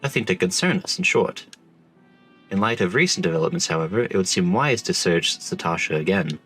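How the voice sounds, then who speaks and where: A man voicing a formal, measured naval commander in a game, reading the lines plainly. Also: sits low, lively intonation, a bit bright, soft background music. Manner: formal, measured, stumbles over names. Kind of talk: reading game dialogue aloud in voices.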